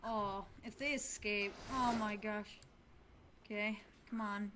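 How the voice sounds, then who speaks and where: A woman hosting a gaming channel, giving casual, excitable commentary while she plays, often pleading and shouting at the game. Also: medium pitch, slow, noisy background. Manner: excitable, frequent exclamations and pleading.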